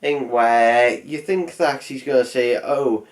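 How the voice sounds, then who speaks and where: Slow, sarcastic reviewer man. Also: mid-range voice. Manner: sarcastic, rambling, swears. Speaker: film reviewer. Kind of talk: comedic film review voice-over.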